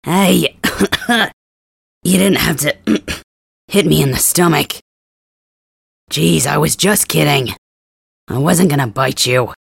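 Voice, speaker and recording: A man voicing a gruff, teasing young male cat hybrid in an ASMR role-play, grumbling and blunt, with a gravelly, husky voice, close to the mic. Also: a little high, slow, long pauses, fairly bright tone, no echo, exaggerated voice.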